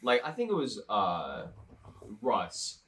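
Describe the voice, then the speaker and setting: A young man telling a rambling story in casual chat, animated, often breaking into laughter. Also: lowish voice, slow, distant mic, a little hiss or hum. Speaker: podcast co-host telling a story.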